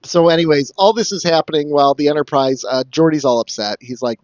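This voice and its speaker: A man's voice: fairly high pitch, fast, few pauses, no room sound, dull audio. A man co-hosting a casual podcast, rambling through jokey plot recaps and slipping into mock quoted voices. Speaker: podcast co-host summing up episodes.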